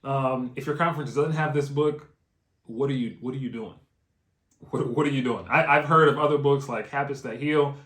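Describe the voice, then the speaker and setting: A man teaching door-to-door canvassing in an energetic, coaching way, repeating key phrases and checking in with "right?". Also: medium pitch, normal speed. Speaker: canvassing trainer. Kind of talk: instructional video training. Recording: roomy echo.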